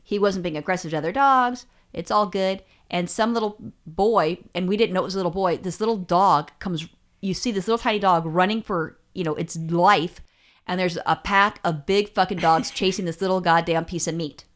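A woman with a fairly low voice tells her stories bluntly, swearing freely and restarting her sentences. Her talk is loose, casual chat. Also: normal speed. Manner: profane, blunt storyteller with many restarts. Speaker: podcast co-host.

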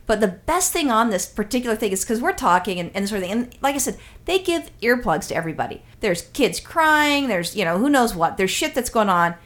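Fast-talking, foul-mouthed storytelling woman. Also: a little high. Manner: rambling, profane, animated storyteller. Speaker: podcast co-host. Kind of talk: casual storytelling chat.

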